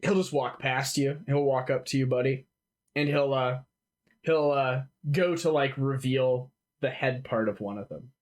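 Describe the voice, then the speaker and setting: A relaxed male game master narrating a tabletop session, his voice at an ordinary middle pitch. He talks loosely, piling up fillers as he describes the scene. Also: a little slow. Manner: casual, filler-heavy narration.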